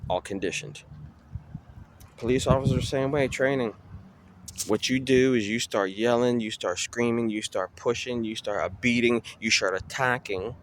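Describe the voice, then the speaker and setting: A man's voice: medium pitch, measured pace, slight background noise. A man delivering an impassioned street rant in a preachy way, firing off one rhetorical question after another. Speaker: vlogger.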